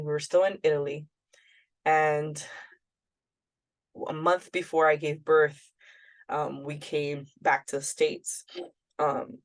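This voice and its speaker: Blunt, candid woman telling her story. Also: sits low. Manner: candid and blunt, often quoting herself with many "like"s. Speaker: podcast co-host. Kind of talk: casual personal storytelling.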